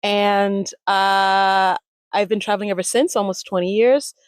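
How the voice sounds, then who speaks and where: Animated woman telling stories, dry sound. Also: mid-range voice, unhurried, dry recording. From United States. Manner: animated, acts out quoted voices in anecdotes. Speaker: language retreat founder, interview guest. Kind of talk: conversational interview storytelling.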